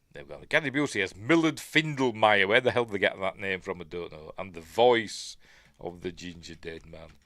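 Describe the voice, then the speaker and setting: A middle-aged Yorkshire man talks through a film in a casual, meandering way, with a lowish voice that rises and falls a lot. He mutters little asides to himself and wonders aloud, heard up close in a dry, unechoing sound. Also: fairly bright tone, dry recording. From Yorkshire, England. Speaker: film review host. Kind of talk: casual film breakdown commentary.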